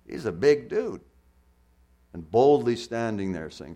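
A male preacher delivering an impassioned sermon, his voice leaping high and loud on questions, then dropping low and quiet. He hammers points home with repetition and rhetorical questions, in a mid-pitched voice. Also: sing-song, unhurried.

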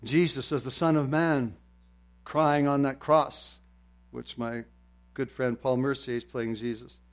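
An older man preaching a sermon, moving from quiet storytelling to loud, fervent exclamations. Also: medium pitch, fairly even intonation, measured pace. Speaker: pastor.

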